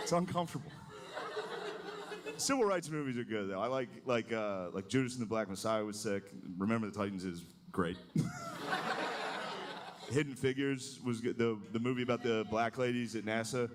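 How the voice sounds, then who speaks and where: Male stand-up comic, animated pitch, casual rambling delivery; noisy live club recording. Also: moderate pace, long pauses. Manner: loose, conversational delivery with many "like"s. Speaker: stand-up comedian. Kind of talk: stand-up comedy set.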